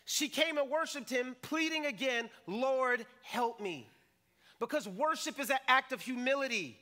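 A male pastor preaching a sermon in church, animated and jokey, acting out quotes in funny voices. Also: extremely high pitch, unhurried. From Jamaican family roots. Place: church stage.

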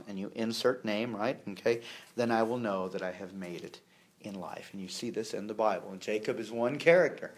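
A man's voice: on the low side, brisk. A man preaching a sermon in a conversational way, with humor, many fillers and repeated words. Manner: conversational, with humor and acted-out quotes.

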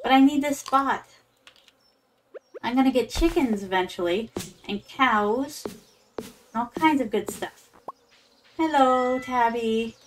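She's a VTuber streaming a farming game and talking casually to chat, whom she calls "my darlings," with Japanese words mixed in. Her voice is on the high side, slow, with frequent pauses. Slight background noise is audible.

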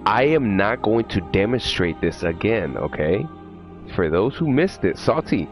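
Very low-voiced, swearing streamer guy. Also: big pitch swings, measured pace, faint music behind. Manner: loose, profane, jittery, talks to chat. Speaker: livestreamer. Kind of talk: casual live gameplay chat.

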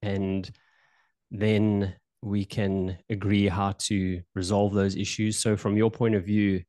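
A man's voice: on the low side, flat delivery, slow, dark tone, no echo. A male podcast host improvising a role-play as a politician in his own voice, loose and hesitant, repeating words. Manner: voicing a well-known politician in his own voice.

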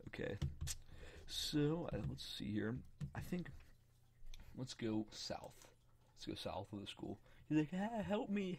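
A man's voice: on the low side, gravelly, husky. Giggly, rambling male game commentator. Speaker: gaming YouTuber. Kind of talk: let's play commentary.

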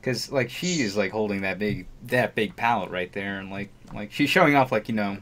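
A man co-hosting a podcast, talking casually in a halting way. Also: lowish voice, fairly bright tone. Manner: halting, lots of "like". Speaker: podcast co-host.

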